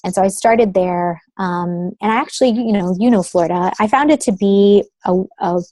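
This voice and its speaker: A woman's voice: mid-range voice, normal speed, mellow, no room sound. A woman in her thirties, a guest on an interview over the phone, talking casually and filling her speech with "like" and "um". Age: 30s. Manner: chatty, uses many fillers like "like" and "um". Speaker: guest, creative consultant. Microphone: phone call.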